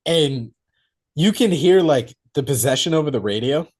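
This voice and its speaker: A man's voice: a little high, animated, normal speed, darkish tone, slightly rough. A man co-hosting a casual movie review podcast, acting out scenes in put-on voices and swearing freely. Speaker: podcast co-host.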